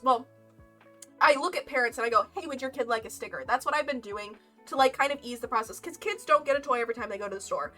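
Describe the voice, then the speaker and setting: Animated high-voiced woman streamer. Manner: animated, laughing often, mock exasperation. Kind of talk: casual storytime chat. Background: lo-fi game music.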